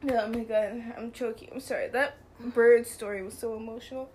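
A woman's voice: on the high side, steady tone, a little fast, darkish tone, a little hiss or hum. A young woman co-hosting a podcast, chatting casually in a giggly, rambling way and apologizing often. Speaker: podcast co-host. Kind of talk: casual chat.

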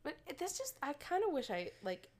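A woman's voice: high voice, very animated, fairly quick. A young woman chatting casually, telling a story with many fillers and little laughs. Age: young adult. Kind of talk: casual chat.

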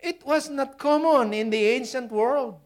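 A Filipino woman with a Filipino accent preaches at a measured pace in a voice that sits high. She swings from loud emphasis to hushed near-whispers and chuckles at her own asides.

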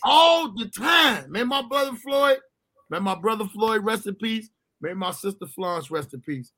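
A man with a bright, high voice tells a wild story from his childhood. He swears freely, laughs as he goes and jumps into voices for the people in it. His delivery is loud, loose and full of energy. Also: expressive, normal speed. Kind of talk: profane comic storytelling chat.

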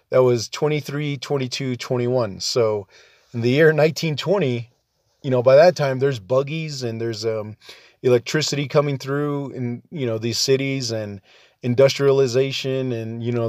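A man's voice: mid-range voice, a little mellow, no echo, clean studio sound. A man hosting a podcast, talking on his own in a loose, rambling way with many fillers and restarts. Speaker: podcast host. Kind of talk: casual solo podcast monologue.

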